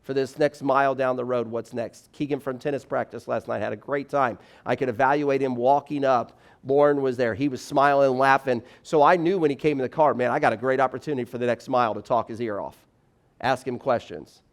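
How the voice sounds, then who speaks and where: A man in his forties giving a chapel talk to students in an animated, conversational way, acting out little scenes as he goes. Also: mid-range voice, a little fast. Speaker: campus speaker.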